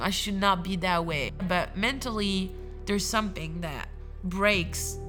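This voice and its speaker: A woman in her thirties with a somewhat low voice tells her story haltingly, close to tears at times. Soft music plays clearly underneath her. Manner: emotional, halting, tearful. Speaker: church member sharing testimony. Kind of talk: personal testimony.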